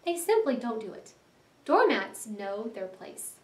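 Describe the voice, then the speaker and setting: A woman voicing a fussy, put-upon male mole with a high, whiny manner, read aloud for a class. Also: big pitch swings, measured pace, roomy sound, recorded from a distance. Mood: plaintive.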